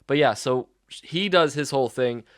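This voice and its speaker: A man co-hosting a podcast, chatting casually and telling stories with animated energy and frequent laughter. His voice sits at an ordinary middle pitch. It is recorded close and dry, with no room sound. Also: moderate pace, no echo. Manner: animated storyteller, laughs often. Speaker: podcast co-host. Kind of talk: casual chat.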